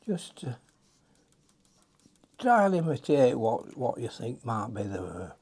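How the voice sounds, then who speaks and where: A man's voice: medium pitch, very animated, takes it slowly, darkish tone, breathy edge. An older man, chatting and muttering to himself as he demonstrates a watercolour painting.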